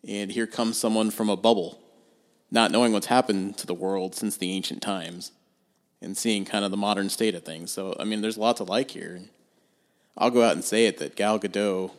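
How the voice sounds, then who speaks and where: Calm, analytical man with a lowish voice. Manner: measured, analytical, steers the discussion. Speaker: film podcast co-host. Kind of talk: casual film review chat.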